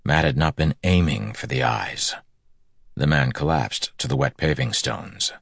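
A man narrating a story in an audiobook, with steady, measured storytelling. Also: rumbling low, gravelly, no room sound, studio quality. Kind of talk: scripted narration.

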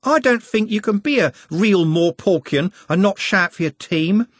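A man voicing a dreamy, slow-witted young working-class woman who speaks in slangy, ungrammatical phrases. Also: sits high, expressive, breathy edge, no room sound, voice pushed up. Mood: naive.

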